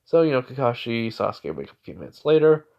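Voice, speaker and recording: A man's voice: medium pitch, big pitch swings, fast, gravelly. A man narrating an improvised fan story in a rambling way, full of fillers and restarts. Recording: dull lo-fi recording.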